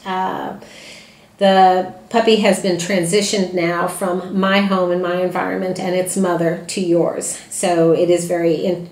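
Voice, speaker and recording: Low-voiced woman, plainspoken dog trainer. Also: vocal fry, darkish tone, echoey room. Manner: plainspoken, many "uh" fillers and restarts. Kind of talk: informal talk to puppy owners.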